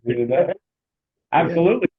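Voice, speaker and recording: A laid-back man trading jokes in casual chat, his voice pitched high for a man. He comes through a thin, tinny, phone-like line. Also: sing-song, moderate pace, breathy edge.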